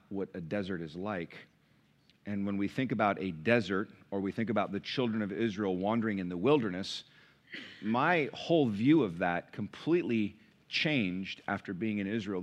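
A middle-aged man preaching a sermon as pastor, conversational and animated, with sudden high bursts. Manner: animated, conversational, sings hymn lines.

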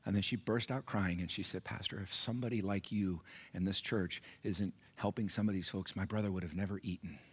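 A middle-aged man, a pastor, preaching a sermon that moves between quiet storytelling and loud, high-pitched exhortation. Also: fairly even intonation, a little fast, hardly any pauses, slightly rough.

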